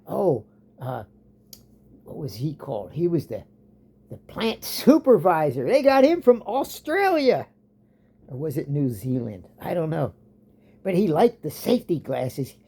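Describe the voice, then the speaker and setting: Man, gravelly voice, dark tone, rambling, sarcastic rant. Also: on the high side, sing-song, unhurried, pauses often. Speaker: vlogger.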